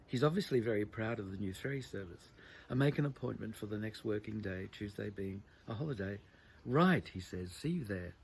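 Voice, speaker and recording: Male author reading his prose: low, gravelly, measured and reflective. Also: a little mellow, a little hiss or hum. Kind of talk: literary reading.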